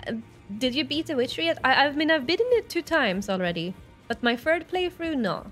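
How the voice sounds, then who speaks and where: A woman's voice: high-pitched, brisk, faint music behind. A woman streaming a game live, chattering nervously and yelping when startled. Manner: excitable, jumps between nervous chatter and yelping. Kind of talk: live gameplay commentary.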